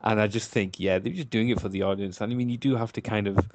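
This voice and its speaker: A man's voice: lowish voice, fairly even intonation, fast talker, darkish tone, dry recording. A man from England chatting casually on a podcast, hedging a lot with filler phrases. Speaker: podcast co-host. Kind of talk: casual chat.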